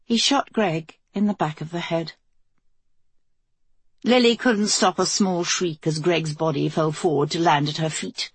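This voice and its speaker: A woman narrating an audiobook in a measured, intense storytelling manner. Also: on the low side, husky, dry recording. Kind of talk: scripted narration.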